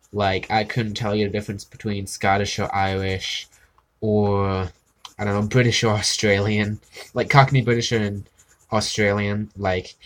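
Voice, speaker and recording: A young man from Maryland, chatting casually and rambling while he draws on a stream, often laughing and humming nonsense sounds. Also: on the low side. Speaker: art streamer. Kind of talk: casual chat while drawing.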